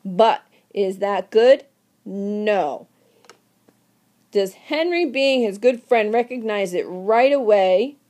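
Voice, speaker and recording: A woman teacher giving a recorded literature lecture, lively and theatrical, asking the class questions. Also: mid-range voice, slow.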